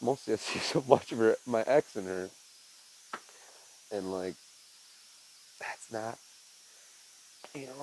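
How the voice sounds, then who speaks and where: Gravelly young man rambling on. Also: fairly high pitch, warm tone, rough recording. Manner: rambling, reflective, says "man" and "dude" a lot. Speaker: podcast host. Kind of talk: casual monologue.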